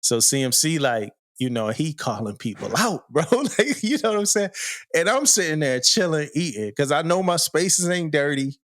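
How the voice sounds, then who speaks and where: A man's voice: fairly high pitch, very animated, moderate pace, a bit bright, dry recording, studio quality. A man, a podcast co-host, telling a story in a loose, slangy way, often laughing and asking "you know what I mean". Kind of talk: casual storytelling chat.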